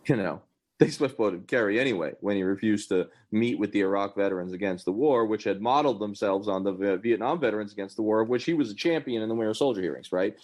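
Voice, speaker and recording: Male podcast host with a deep voice, casual commentary, opinionated and sarcastic. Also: a little mellow. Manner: opinionated, rambling, sarcastic asides.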